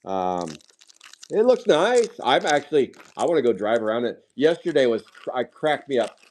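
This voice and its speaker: A man's voice: mid-range voice, very animated, moderate pace, a little mellow. A man chatting casually while opening trading card packs on a live stream, drifting into rambling side stories. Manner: rambling, sidetracked anecdotes.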